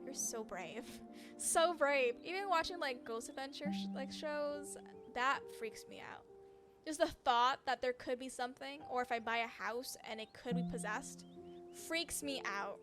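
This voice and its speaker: A woman's voice: high-pitched, normal speed. A woman streamer playing a story game, giggling and reacting aloud over game music. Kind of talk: let's play commentary.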